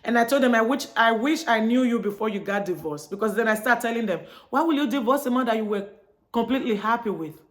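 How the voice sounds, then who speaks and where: A woman's voice: on the high side, fast talker. A woman from Chicago talking straight to her viewers in a casual monologue, telling a story and acting out both sides of the conversation. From Chicago, United States. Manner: chatty storytelling, acts out dialogue. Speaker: vlogger.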